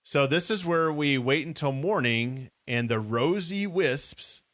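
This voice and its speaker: Steady man reading aloud, wry. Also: a little high, measured pace, dry recording. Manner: steady reader, wry comments. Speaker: podcast co-host. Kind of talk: casual live book reading.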